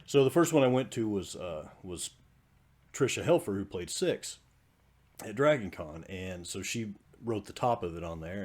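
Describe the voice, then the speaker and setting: An older man co-hosting a podcast, telling a fan story in animated casual chat. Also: fairly low pitch. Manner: animated storyteller who gets louder as he tells it. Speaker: podcast co-host.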